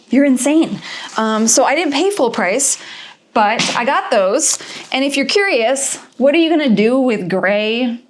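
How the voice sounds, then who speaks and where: A woman craft vlogger chatting casually and excitedly, often laughing at herself, a little out of breath. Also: a little high. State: a bit out of breath. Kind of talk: casual shop-with-me vlog chat.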